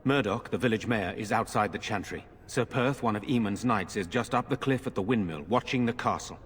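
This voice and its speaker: A man's voice: lowish voice, slight background noise, natural voice. A man playing a grave, formal noble lord. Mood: grateful. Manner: formal, measured speech. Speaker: video game character. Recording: long reverb.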